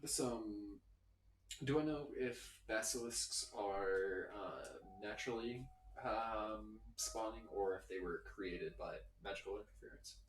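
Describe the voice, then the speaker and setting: A man's voice: lowish voice, a little slow, slight background noise. Man player speaking thoughtfully in an echoey room. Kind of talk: casual tabletop game chat.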